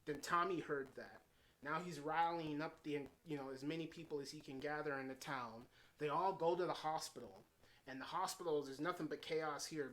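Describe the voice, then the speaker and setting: Male movie reviewer, slightly higher voice, loose rambling delivery full of fillers. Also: fairly bright tone. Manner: rambling, heavy on fillers and restarts; retells scenes in paraphrased quotes. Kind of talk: casual unscripted film review.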